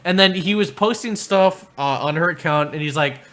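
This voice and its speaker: Casting: male streamer, bright tense tone, crude mocking ramble. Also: a little high, moderate pace. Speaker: livestreamer. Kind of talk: profane livestream rant.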